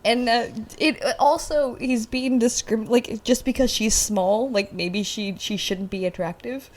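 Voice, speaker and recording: A woman's voice: a little high, a little slow. A woman co-hosting a casual podcast, giggly and hesitant, with many fillers. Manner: giggly, hesitant, lots of likes and ums. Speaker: podcast co-host. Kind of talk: casual chat.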